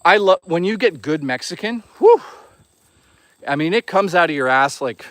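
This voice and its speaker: A man's voice: high voice, expressive, moderate pace, fairly bright tone, no echo. Crude joking man on a woodland walk. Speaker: streamer. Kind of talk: casual live-stream chat while walking. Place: outdoors in the woods.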